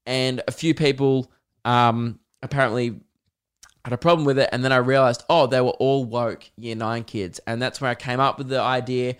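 A man's voice: medium pitch, fairly even intonation, normal speed, clean tone. A young man hosting a podcast, rambling in a crude, joking way and acting out little scenes. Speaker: podcast host. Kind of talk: casual comedic monologue.

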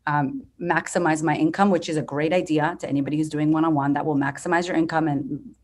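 A woman in her thirties, a business coach telling her story as a podcast guest, talking bluntly with lively energy and some swearing. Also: low voice, fast. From United States. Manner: blunt, profane, energetic and animated.

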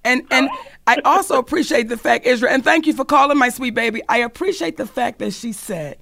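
A woman's voice: sits high, animated, fairly quick, gravelly, a bit bright, no room sound, studio quality. A woman hosting a call-in radio talk show, speaking candidly and bluntly, cursing freely as she drives her point home.

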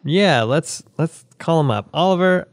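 A man's voice: medium pitch, fairly quick, dry recording. A man co-hosting a podcast, chatty and playful, teasing himself. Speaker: podcast co-host. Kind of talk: casual podcast chat.

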